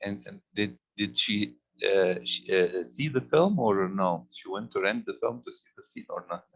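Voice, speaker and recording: An interviewer from Egypt asks his questions in a slow, halting way, often repeating words as he gets a sentence going. His voice is very deep. He is a film critic talking with a guest. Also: expressive, gravelly.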